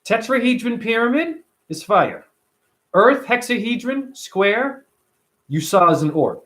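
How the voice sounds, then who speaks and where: A man with a notably high-pitched voice delivers a casual vlog monologue. He talks emphatically and with animation, and swears freely along the way. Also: sing-song, measured pace, a bit bright. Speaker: vlogger.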